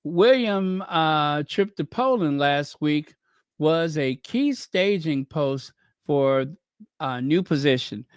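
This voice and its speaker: Male commentator, higher pitch, dry close sound, sarcastic rhetorical delivery. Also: animated, slow, clean tone, no room sound. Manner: sarcastic, rhetorical questions, wry asides. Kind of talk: casual chat.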